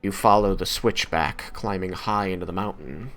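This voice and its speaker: A man narrating a tabletop fantasy game as game master, in a measured, descriptive way. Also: low voice, fairly bright tone, soft background music.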